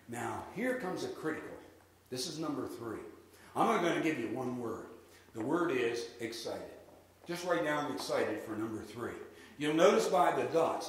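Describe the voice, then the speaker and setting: A man giving a live sales seminar, lively and drilling the audience in call-and-response. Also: mid-range voice. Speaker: real estate sales trainer. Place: large room with an audience. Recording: echoey hall with faint noise.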